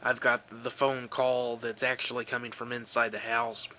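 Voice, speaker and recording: A man reading a creepy story aloud in a relaxed, offhand way, correcting his own slips. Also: mid-range voice, moderate pace, slight background noise.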